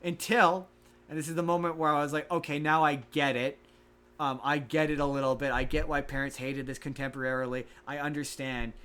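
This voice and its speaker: A man's voice: on the high side, flat delivery, brisk, a bit bright, clear, resonant tone. A man hosting a casual podcast, animatedly retelling a story and acting out the characters' lines. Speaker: podcast host.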